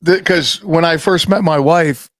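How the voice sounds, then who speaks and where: A man's voice: on the high side, unhurried, a bit bright, dry recording. A middle-aged man hosting a laid-back podcast chat. He swears freely and tells stories in a loose, rambling way. His voice sounds dry and close, with no room around it. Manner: swearing, storytelling with acted-out quotes. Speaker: podcast host. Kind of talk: casual chat.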